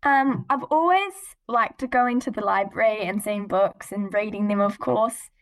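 A teenage girl, a young poet appearing as a podcast guest, speaks at a medium pitch and normal speed. In this casual interview chat she answers politely and earnestly, giggling between points.

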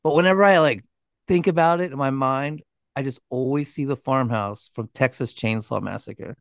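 Creaky-voiced guy narrating true crime, cusses casually, dry close sound. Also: mid-range voice, normal speed, no room sound. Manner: casual, swears freely, animated reactions. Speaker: podcast co-host.

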